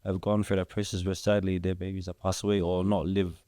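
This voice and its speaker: A young man with a very low, dark voice, talking as a guest in a casual podcast conversation. He rambles and fills his sentences with "like" and "you know". The sound is close and dry, with no room around it. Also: level tone, a little fast, no echo. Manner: rambling, heavy use of "like" fillers. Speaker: guest, father of three.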